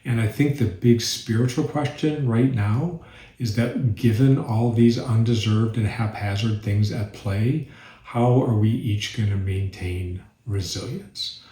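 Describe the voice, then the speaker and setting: Calm low-voiced man leading reflection. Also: a little slow. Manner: calm, thoughtful, with restarts. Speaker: leader of a mindful reflection group. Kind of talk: reflective spiritual talk. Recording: echoey room.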